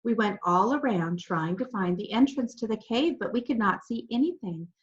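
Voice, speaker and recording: A woman reading a chapter of a children's book aloud in a calm, measured storytelling voice. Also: mid-range voice. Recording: dull lo-fi recording.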